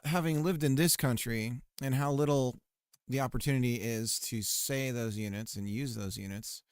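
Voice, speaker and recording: A man's voice: mid-range voice, clean tone, dry recording, clean studio sound. A man streaming, chatting casually and muttering to himself as he works on a game. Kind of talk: casual chat while working on a game.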